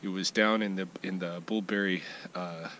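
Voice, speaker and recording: A man with a somewhat low voice talks his way through a relaxed backyard vlog, musing aloud and circling back on his words. Outdoor ambience stays clearly audible behind him. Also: normal speed, slight background noise, rough recording. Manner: easygoing, thinks aloud with many fillers and restarts. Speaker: vlogger giving a weekly update. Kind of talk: casual rambling outdoor vlog.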